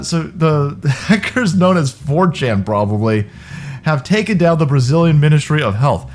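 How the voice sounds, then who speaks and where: A man hosting ranting, sarcastic commentary, mocking and swearing freely. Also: a little high. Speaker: commentary host.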